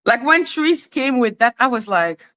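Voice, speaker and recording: A woman hosting her own channel, ranting in a casual, sarcastic monologue, swearing and laughing, swinging between high mocking tones and low deadpan asides. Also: moderate pace. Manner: sarcastic, exasperated, swears freely, laughs often. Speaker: commentary channel host.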